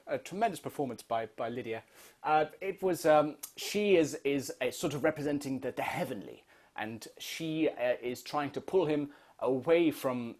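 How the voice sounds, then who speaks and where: A man's voice: mid-range voice, a little mellow, close to an everyday voice. A man playing a rambling, heavily medicated older film director, stammering and restarting constantly in a comedy interview. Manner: stammering, halting, full of restarts.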